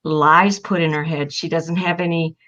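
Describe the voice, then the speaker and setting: A woman's voice: sits low, steady tone, normal speed, a bit bright, highs cut off. An older woman telling heartfelt family stories in casual talk, emotional and sometimes tearful. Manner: emotional, heartfelt, crying at times. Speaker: guest. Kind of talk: casual storytelling.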